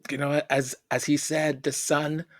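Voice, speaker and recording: Emotional, stammering man vlogger, slow. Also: on the high side, flat delivery, no echo, clean studio sound. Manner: emotional, tearful, many stammered repeats. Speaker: host of a fan news channel. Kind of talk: casual vlog commentary.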